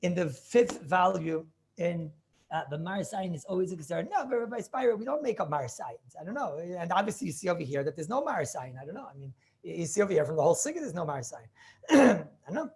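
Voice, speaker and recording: A man's voice: sits high, big pitch swings, quick pace, darkish tone. A man teaching a Talmud class over a video call, thinking aloud with many restarts and questions to his students.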